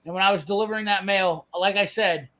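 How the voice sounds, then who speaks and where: Blunt, high-voiced swearing man. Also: fast talker, sharp tone, low-quality recording. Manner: profane, blunt, heated ranting. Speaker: host telling a work story. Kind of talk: casual storytelling chat.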